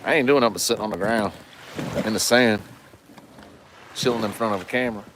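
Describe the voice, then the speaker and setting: A man's voice: lowish voice, a little fast, background noise. A man, chatting and joking with viewers during a fishing livestream from a lake shore. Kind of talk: casual livestream chat. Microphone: phone camera.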